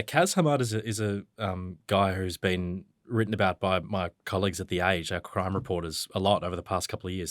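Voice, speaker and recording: A man's voice: deep voice, no room sound. A man with an Australian accent, a journalist giving detailed, fluent explanations with occasional ums. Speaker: journalist guest. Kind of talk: conversational news discussion.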